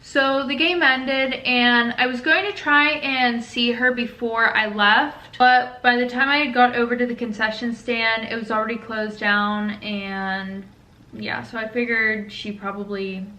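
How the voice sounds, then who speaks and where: Bright-voiced chatty woman telling a story. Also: fairly high pitch, fairly even intonation, measured pace, reverberant. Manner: chatty, swears, many "like" fillers. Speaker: storytime vlogger. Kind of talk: casual storytelling.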